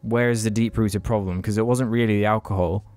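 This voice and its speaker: A man's voice: on the low side, steady tone, a little fast, a little mellow, soft background music. A man co-hosting a podcast, telling a story in casual chat, frank and sweary, with many restarts. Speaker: podcast co-host.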